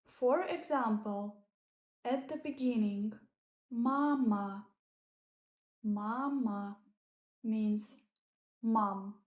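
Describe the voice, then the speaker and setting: A woman whose first language is Russian gives a slow, deliberate language lesson in English. Her voice sits a little high, and she carefully sounds out each letter and example word. The recording has a noticeable echo, as if made in a bare room. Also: mellow. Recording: echoey room.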